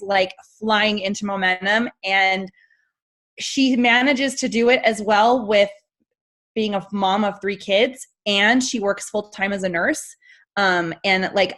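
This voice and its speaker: A woman's voice: a little high, fairly bright tone, rough recording. A woman on a team video call, gushing and emotional as she praises teammates, with lots of fillers. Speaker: team member giving shout outs.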